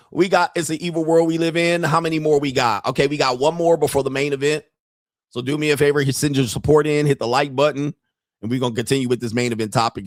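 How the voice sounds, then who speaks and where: A man hosting a live stream as a dating coach, reacting to clips in a loud, mocking way and jumping into shouted bits. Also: medium pitch, dry recording, clean studio sound.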